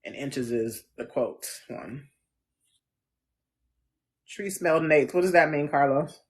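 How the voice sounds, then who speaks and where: In a slow, mid-range voice with a breathy edge, a chatty astrologer with a Central US accent hosts a casual livestream. The astrologer answers viewer comments in loose, slangy talk and laughs often.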